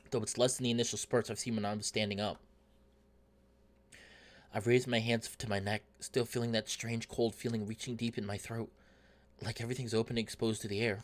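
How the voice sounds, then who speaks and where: A man reading a visual novel aloud in steady first-person narration. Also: medium pitch. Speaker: let's play narrator.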